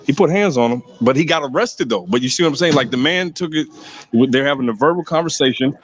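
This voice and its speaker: A man's voice: mid-range voice, animated, fast, no echo. A man on a casual podcast, telling stories with emphasis and blunt profanity, sometimes acting out other people's voices. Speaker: podcast co-host. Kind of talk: casual podcast debate, storytelling. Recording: dull lo-fi sound.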